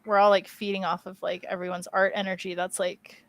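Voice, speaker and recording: A woman's voice: mid-range voice, little pitch movement, a little fast, no room sound. A woman chatting casually on an art podcast, giggly and offhand, with the odd swear word. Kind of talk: casual chat.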